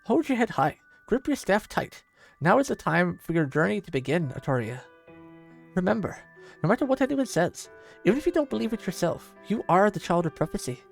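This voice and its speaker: Give me a man playing a brusque, protective old blacksmith with a gravelly edge. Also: high voice, very animated, a little fast, faint music behind, pitched above the performer's own voice, heavily acted. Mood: gruffly tender. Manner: brusque, urgent, scolding. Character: gruff old male blacksmith, gruffly kind and protective.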